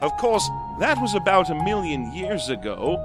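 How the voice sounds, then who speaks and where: A man voicing a tiny, wizened old man with a croaky voice, slow and knowing, in a comedy podcast's story reading. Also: sits high, very animated, over loud music.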